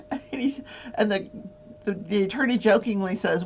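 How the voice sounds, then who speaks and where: A woman's voice: lowish voice, expressive, normal speed, a little mellow. A woman hosting a casual talk show, telling a long story with many fillers and frequent laughter. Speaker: host. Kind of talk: casual chat. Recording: dull lo-fi with faint hum.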